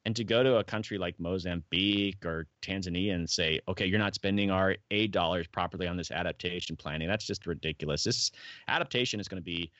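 Middle-aged male guest, rambling storyteller, low-fi dry sound. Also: fairly quick, a bit bright, dry recording. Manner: rambling storyteller, acts out quoted voices. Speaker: podcast guest. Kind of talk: casual interview talk. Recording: dull, dry lo-fi audio.

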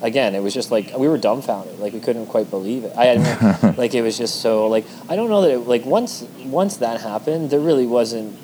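A man's voice: medium pitch, lively intonation, moderate pace, few pauses, mellow, poor audio. A man in casual conversation, speaking earnestly and reflectively, often restarting his sentences. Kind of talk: casual chat. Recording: noticeable background noise.

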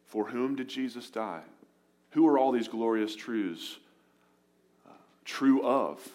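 A man preaching a sermon to his congregation, earnest, rising for emphasis and dropping soft and low on key words. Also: slow. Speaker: pastor.

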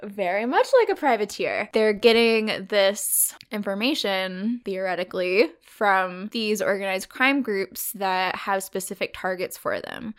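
A woman's voice: mid-range voice, unhurried, few pauses, smooth. A woman co-hosting a podcast, explaining a topic in casual chat with frequent "like" and "um" fillers. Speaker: podcast co-host.

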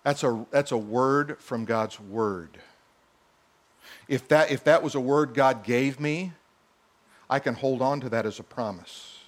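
A man's voice: medium pitch, slow pace, pauses often. A man preaching a sermon, emphatic and repetitive, firing rhetorical questions at his listeners.

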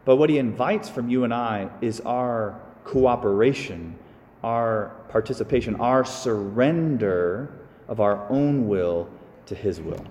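Male priest, easy conversational sermon, lively asides, middle pitch, reverberant church sound. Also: a little slow. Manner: casual and animated, with sighs and small asides. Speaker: Catholic priest. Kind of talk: conversational homily.

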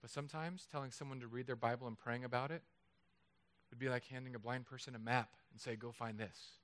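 A man preaching a sermon in a chapel, lively and conversational, with jokes. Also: mid-range voice, quick pace. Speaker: pastor.

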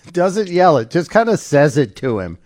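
A man hosts live talk radio in a tight, dry studio, his voice sitting a little high for a man. He narrates clips with a sarcastic bite and firm opinions, and he breaks into quick asides. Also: no echo. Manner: animated, sarcastic, opinionated, narrating a clip as it plays. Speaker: radio talk show host.

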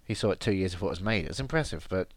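A man's voice: low-pitched, expressive, very fast, dry recording. A man co-hosting a podcast, chatting casually and sarcastically, laughing often. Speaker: podcast co-host. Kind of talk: casual comedic chat.

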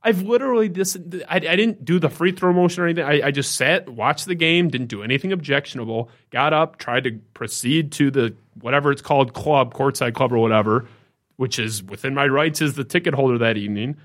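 A man co-hosting a sports podcast, telling a story in casual, animated talk that gets more indignant as it goes. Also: fairly quick. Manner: animated storytelling, rising pitch when indignant. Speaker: podcast co-host.

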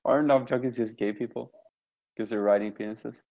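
A man co-hosting a casual hobby podcast, relaxed and swearing a lot, with plenty of fillers. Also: medium pitch, normal speed, lo-fi sound. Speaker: podcast co-host.

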